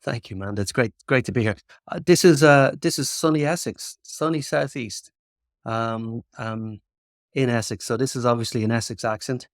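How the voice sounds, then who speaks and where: A man's voice: mid-range voice, normal speed, dry recording, clean studio sound. Irish man telling stories with ums. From Ireland. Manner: chatty storyteller with frequent ums and restarts. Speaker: guest. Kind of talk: casual interview chat.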